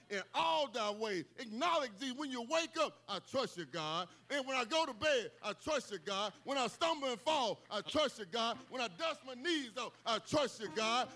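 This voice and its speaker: A man preaching a sermon with folksy asides, building to emphatic, repeated shouted lines. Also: very high-pitched. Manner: emphatic, repetitive call-outs, bursts of shouting.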